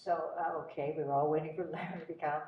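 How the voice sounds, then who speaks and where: An older actress telling animated stories about her career in a casual interview. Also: deep voice, fast talker. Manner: animated, breathless anecdotes with laughs. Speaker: guest actress. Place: cinema. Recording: roomy, distant, dull sound.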